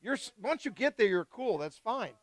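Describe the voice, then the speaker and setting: A man hosting a live wine tasting, chatting casually and excitedly with guests and swearing freely. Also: sits high, normal speed, dry recording. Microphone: live stream mic.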